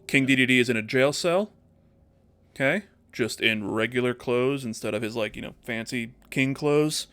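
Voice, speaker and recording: A man with a mid-range voice, telling a story in a lively, animated way in casual podcast chat. He throws himself into the pitch and drops into quick character voices. The delivery is loose, joking and conversational. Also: clean tone. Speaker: podcast co-host.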